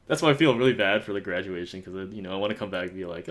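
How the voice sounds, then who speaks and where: Young American guy, lowish voice, casual podcast storyteller, filler-heavy, acts out the dialogue. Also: wildly swooping pitch, moderate pace, noisy background. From United States. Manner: rambling, many fillers, acts out quotes. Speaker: podcast host. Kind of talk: casual chat.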